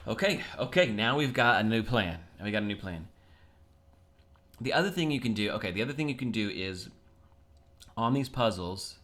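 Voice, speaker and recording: Male, low-ish register; relaxed self-talk, casual video host. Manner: chatty, self-talking, plain everyday tone. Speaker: chess video creator. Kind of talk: casual thinking aloud while solving puzzles.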